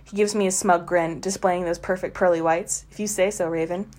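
A woman's voice: fairly low pitch, a little fast, noisy background. Sarcastic woman reading a trashy novel. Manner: sarcastic, giggly, deadpan asides. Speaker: podcast co-host reading a novel aloud. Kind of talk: mocking dramatic reading with commentary.

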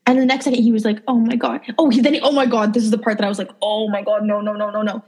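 Breathy young woman telling dating stories. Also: a little high, racing. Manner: animated, acts out quotes, lots of "like". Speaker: podcast co-host. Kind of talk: casual storytelling chat.

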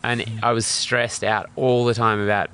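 A man's voice: medium pitch, little pitch movement, moderate pace, sharp tone, smooth. A young man speaking candidly as an interview guest, rambling and full of fillers. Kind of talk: casual interview talk.

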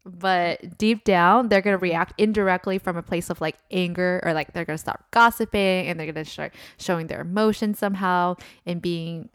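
A woman's voice: fairly low pitch, steady tone, normal speed, few pauses, clear, resonant tone, no room sound, clean studio sound. A young woman co-hosting a podcast, explaining ideas in casual chat with lots of fillers. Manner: explains at length with many fillers. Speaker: podcast co-host.

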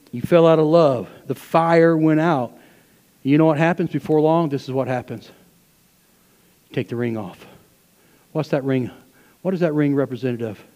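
Impassioned preacher in a reverberant sanctuary. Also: male voice, medium pitch. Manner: impassioned preaching, swinging from loud to hushed. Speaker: pastor. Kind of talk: sermon. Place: church sanctuary.

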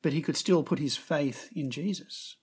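Male preacher, sermon delivery, breathy tone, expressive narration. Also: a little high, normal speed. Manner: expressive storytelling, raising his voice for quoted words.

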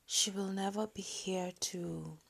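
A woman telling a personal story on her podcast in a soft, breathy, near-whispered voice, hesitant and halting with many pauses. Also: medium pitch, steady tone.

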